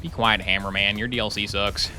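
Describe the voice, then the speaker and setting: A man's voice: fairly low pitch, steady tone, a little fast, pushed and bright, faint music behind. A young man streaming a game live, chatting casually and joking with his chat while he plays. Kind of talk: live gameplay commentary.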